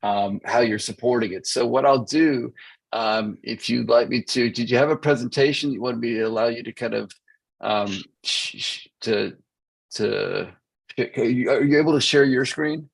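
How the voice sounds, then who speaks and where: Gravelly man hosting a video call. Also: medium pitch, moderate pace, poor audio. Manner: hesitant, filler-heavy, restarts. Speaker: meeting host. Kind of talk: casual online meeting chat.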